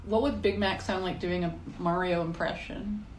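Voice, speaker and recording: A woman chiming in with quiet asides from beside her husband during a home livestream. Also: on the low side, fairly even intonation, normal speed. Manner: quiet, leaning in from off to the side. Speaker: host's wife chiming in off-mic. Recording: roomy, distant from mic, with background chatter.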